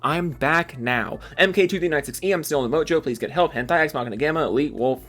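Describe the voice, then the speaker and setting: A young man from Seattle rants sarcastically about gaming news, swearing often. He then rattles off a long list of supporter names, breaking in with loud yelps. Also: fairly high pitch, very fast. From Seattle, USA. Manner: exasperated, profane and sarcastic, with sudden loud yelps. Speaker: gaming YouTuber. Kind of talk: ranting commentary and reading out supporter names.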